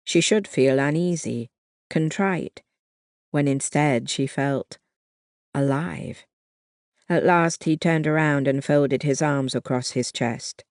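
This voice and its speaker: An audiobook narrator reading a historical novel in a measured, even way. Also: mid-range voice, dry recording, clean studio sound. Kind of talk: scripted narration.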